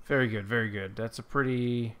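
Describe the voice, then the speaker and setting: A man hosting a gaming channel, chatting casually over his own gameplay in a rambling way that breaks into startled, excited exclamations. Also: mid-range voice, a little fast. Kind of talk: casual let's-play commentary.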